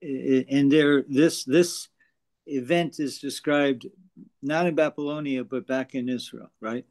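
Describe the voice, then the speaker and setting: A man in an online class joining in with halting comments and questions. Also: medium pitch, steady tone, darkish tone. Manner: halting, adds points. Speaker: class participant. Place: online video call.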